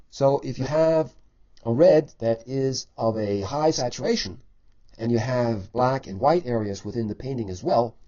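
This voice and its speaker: Male art teacher demonstrating painting, measured and explanatory, middle pitch, slightly dull lo-fi recording. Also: mellow. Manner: measured, explanatory, stretches key words for emphasis. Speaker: painting instructor. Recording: dull lo-fi voice-over.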